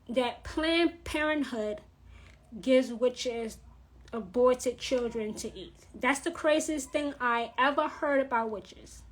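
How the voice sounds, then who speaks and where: A woman vlogger ranting in a blunt, profane, scolding monologue. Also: on the high side. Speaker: witch vlogger.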